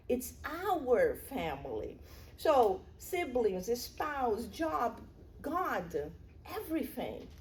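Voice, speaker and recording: A woman's voice: high-pitched, darkish tone, a little hiss or hum. A middle-aged woman giving a public spiritual lecture in an earnest, conversational way, with personal stories.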